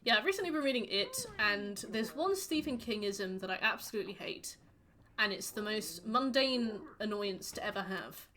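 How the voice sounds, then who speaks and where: A woman's voice: medium pitch, animated, moderate pace, a bit bright. A woman streaming a game, chatting casually with her viewers in a rambling, playful way. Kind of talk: casual chat while gaming.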